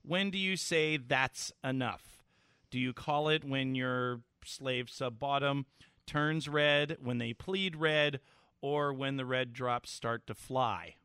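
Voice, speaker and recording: A man co-hosting a podcast, telling stories in a profane, excitable, joking way. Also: mid-range voice, clear, resonant tone, no echo, clean studio sound. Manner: excitable, profane storyteller, fast and loud. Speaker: podcast co-host. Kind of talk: casual chat.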